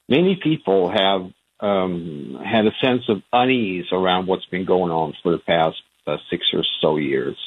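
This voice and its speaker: A Swedish-born man, a guest on a radio show, answering slowly with many pauses and fillers. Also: deep voice, slightly rough. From Sweden. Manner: hesitant, many ums and uhs. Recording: tinny phone line.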